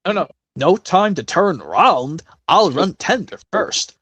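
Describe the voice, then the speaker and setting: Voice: mid-range voice, very animated, unhurried, very noisy. Someone doing a determined storybook steam engine. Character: brave male steam engine, urgent.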